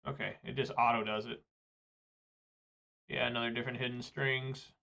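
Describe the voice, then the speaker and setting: A man's voice: medium pitch, little pitch movement, normal speed, creaky, pushed and bright. A man casually commentating his own card game, rambling and swearing as he plays. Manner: rambling, profane, chatty asides.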